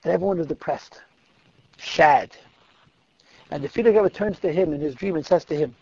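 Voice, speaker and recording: A man telling a Hasidic story to listeners in an animated, emphatic way, repeating words for stress. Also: fairly high pitch, moderate pace, creaky, long pauses, breathy edge, dry recording. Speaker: religious storyteller. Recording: dull lo-fi, dry recording.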